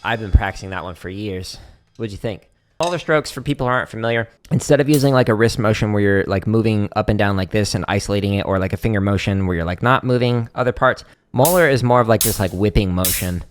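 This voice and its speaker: Low-voiced man explaining drum technique. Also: quick pace, few pauses, soft background music. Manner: casual explaining with many "like" fillers, counting out strokes. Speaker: drum teacher. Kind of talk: livestream Q&A lesson.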